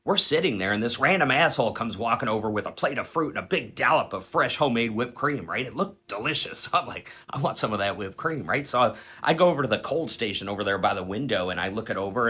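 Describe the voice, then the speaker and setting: A man's voice: medium pitch, quick pace, few pauses, breathy edge. A man retelling an absurd dream in a loose, casual way, swearing often and laughing at his own story. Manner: profane, animated, laughs while telling.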